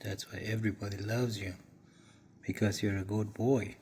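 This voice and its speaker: A man's voice: on the low side, little pitch movement, normal speed, a little mellow, a little hiss or hum. A man filming a casual vlog, talking soothingly to his cat. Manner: talks soothingly to a pet. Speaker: pet vlogger.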